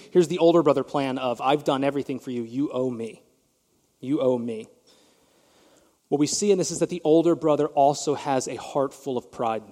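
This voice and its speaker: A male pastor preaches a sermon, retelling a story emphatically and addressing his congregation directly. His voice is high and darkish, carried by the long reverb of a large hall.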